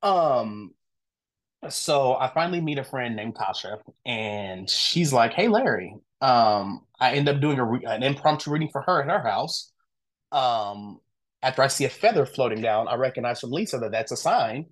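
Man telling a story with animated, casual energy. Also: mid-range voice, normal speed. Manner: animated, acts out quoted dialogue; candid, informal, with frequent fillers like "I'm like". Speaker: podcast guest.

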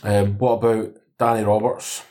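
A man's voice: fairly low pitch, flat delivery, normal speed, dark tone. A man in casual sports chat, chatty and keen, co-hosting a podcast. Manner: chatty, keen, quotes records. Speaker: podcast co-host.

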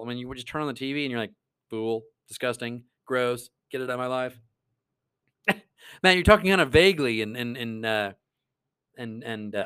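A man's voice: mid-range voice, fairly bright tone, no room sound. A man hosting a podcast, giving a casual faith-based monologue in an earnest, rambling way, with many stammered restarts. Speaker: podcast host.

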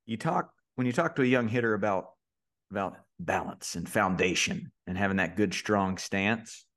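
A man, co-hosting a podcast and telling a story in a relaxed way, with lots of fillers and restarts. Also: on the low side, normal speed. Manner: laid-back storyteller, many fillers and restarts. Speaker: podcast co-host. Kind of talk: casual podcast chat.

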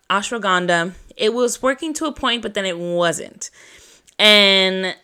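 A podcast host shares a personal story in a loose, chatty style, cursing freely, saying "like" a lot, and laughing at herself between lines. Her voice is lowish and smooth, with a sharp edge to the tone.

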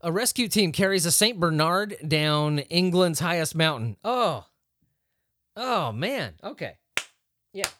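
A man's voice: fairly high pitch, lively intonation, takes it slowly, a bit bright, slight background noise. A man hosting a podcast, reading news headlines aloud and riffing on them in a joking, rambling way with frequent laughs. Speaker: podcast host. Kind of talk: casual rambling news chat.

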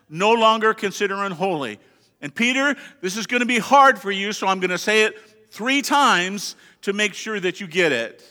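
Bright, high-voiced preaching man in a reverberant hall. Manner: preaching with dynamic swings between hushed and emphatic. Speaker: pastor. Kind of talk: sermon. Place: church sanctuary. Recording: long reverb of a large hall.

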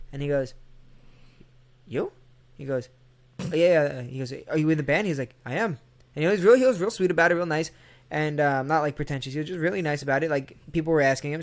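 A man's voice: on the high side, fairly quick, long pauses. A man casually telling a long, rambling, profane story in a chat, acting out the people he quotes.

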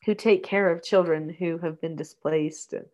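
Soft-spoken woman reading aloud. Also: low voice, steady tone, moderate pace. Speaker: host reading a story aloud. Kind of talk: storytelling podcast reading and chat.

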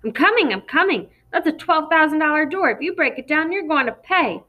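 A woman narrator puts on a middle-aged father in a storybook reading. He is forceful and cold, with a commanding, sarcastic edge, and never lets his certainty slip. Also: medium pitch, brisk, dull audio, close to an everyday voice. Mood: anxious, impatient. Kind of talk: audiobook character reading.

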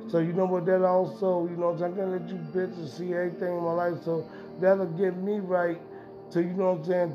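A man hosting a podcast in a rambling, profane, emphatic casual monologue. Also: high voice. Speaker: podcast host. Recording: dull lo-fi sound with music behind.

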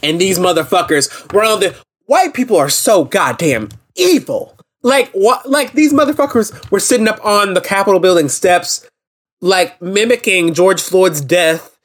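A man's voice: high voice, lively intonation, measured pace, fairly bright tone. A young man hosting a solo podcast, ranting in a blunt, impassioned and profane way. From United States. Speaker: podcast host.

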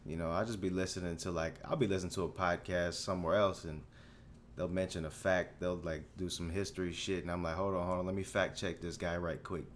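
A man's voice: sits low, a little fast, a little hiss or hum. Rambling, profane young man podcasting. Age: 20s. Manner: rambling, profane, animated storytelling with many restarts. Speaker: podcast host. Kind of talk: casual solo podcast monologue.

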